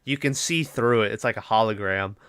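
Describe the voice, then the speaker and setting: A young man on a podcast, recapping a film in a loose, rambling way and swearing freely. His voice is bright and forceful, with a smooth, crisp tone. The sound is dry and close, with no room around it. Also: fairly low pitch, fairly quick, no room sound. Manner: rambling, swears often, lots of fillers. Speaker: podcast co-host. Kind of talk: casual movie recap chat.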